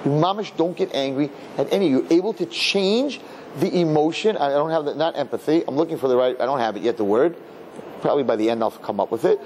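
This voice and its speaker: A man, a rabbi, giving a lively Torah lecture to an audience, acting out other people and dropping in Yiddish and Hebrew words. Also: quick pace, a little hiss or hum. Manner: animated, acts out people with high voices, Yiddish and Hebrew words. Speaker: rabbi teaching a class.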